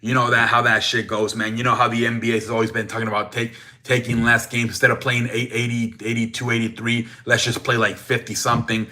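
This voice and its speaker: A man's voice: mid-range voice, level tone, quick pace, hardly any pauses, bright, forceful tone. A young man hosting a sports show, rambling in a profane, casual rant full of restarts and "man" tags.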